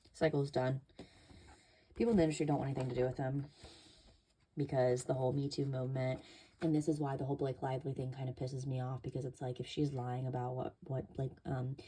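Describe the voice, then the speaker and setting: Low-voiced woman doing a casual tarot reading. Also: mellow, husky. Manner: chatty, many fillers, swears casually. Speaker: tarot reader.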